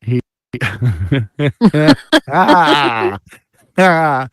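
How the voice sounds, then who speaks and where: A man's voice: fairly high pitch, very slow, no echo, studio quality. A man hosting a live comedy talk show, telling a story casually and acting out the sounds a band makes. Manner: animated, imitates band sounds and acts out quotes. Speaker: show host.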